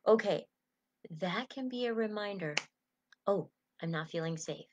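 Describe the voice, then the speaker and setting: A woman's voice: on the low side, expressive, moderate pace. A middle-aged woman coaching a small group through relaxation. Her voice is soothing and encouraging, and it eases down whenever she guides a breath or a stretch. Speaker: coach leading a self-help group. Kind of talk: gentle guided coaching talk.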